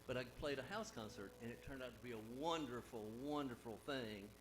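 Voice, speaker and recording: A singer-songwriter with a Southern Alabama accent telling rambling, wry stories between songs on a live stage. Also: male voice, medium pitch, a little fast, background noise. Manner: rambling, self-correcting, wry humor. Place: live music stage with audience. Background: guitar playing.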